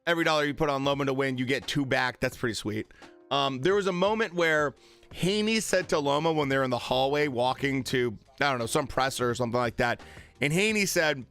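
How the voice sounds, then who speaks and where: Bright-voiced chatty male streamer. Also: medium pitch, a little fast, soft background music. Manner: chatty, many fillers, retells quotes. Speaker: boxing streamer. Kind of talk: casual live-stream commentary.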